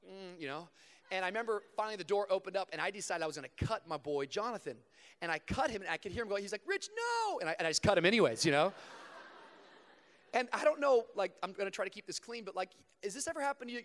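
A young man preaching a sermon to a live congregation, slipping between fast casual storytelling and slow, emphatic preaching. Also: high-pitched, a bit bright. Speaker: pastor. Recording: long reverb of a large hall.

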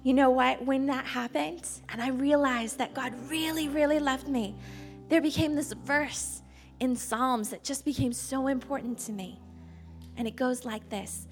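A woman giving a children's sermon to a live audience, lively and full of questions at first, then soft and earnest. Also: high-pitched, a little slow, soft background music. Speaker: children's ministry speaker.

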